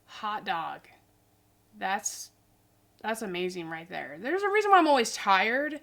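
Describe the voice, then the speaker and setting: A woman in her forties talks casually to her viewers, rambling and goofy. She sounds tired. Her voice sits at an ordinary middle pitch. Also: big pitch swings, unhurried, gravelly, fairly bright tone. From Idaho, US. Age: 40s. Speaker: vlogger. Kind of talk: casual chat.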